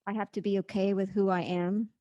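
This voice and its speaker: A woman hosting an online rally, effusive and halting, restarting her sentences as she reacts. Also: medium pitch, little pitch movement, mellow, no echo, dull audio. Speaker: rally host. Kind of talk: casual online event hosting.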